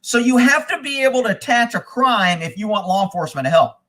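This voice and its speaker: A man spins a profane story on a live show, his voice high and bright. He swears freely and acts out the people he quotes. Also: expressive, quick pace. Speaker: host. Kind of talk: casual live-stream storytelling.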